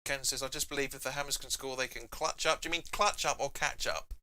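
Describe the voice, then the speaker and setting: Talking fast with fairly even intonation, a young man hosting a fan channel's live football watch-along reads out and casually responds to viewer comments. His voice is very bright and forward at mid pitch, with occasional shouts at the game.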